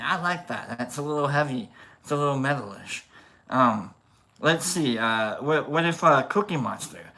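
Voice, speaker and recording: A man's voice: mid-range voice, animated, normal speed, gravelly, bright, forceful tone. A man chatting casually in a rambling, joking, self-deprecating way while he works on a craft. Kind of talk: casual chat.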